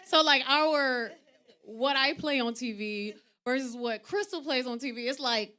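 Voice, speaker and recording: A woman in her thirties, an actress guest on a talk show, telling candid stories; she acts out quoted voices with big jumps in pitch and loudness, and drops soft and low when serious. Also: measured pace. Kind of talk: candid conversational storytelling.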